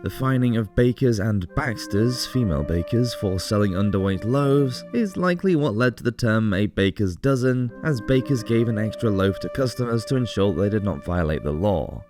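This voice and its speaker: A man narrating a scripted history documentary in a clear, explanatory way, with the odd casual joke. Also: on the low side, lively intonation, normal speed, hardly any pauses, music in the background. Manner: clear explanatory delivery with casual jokey asides.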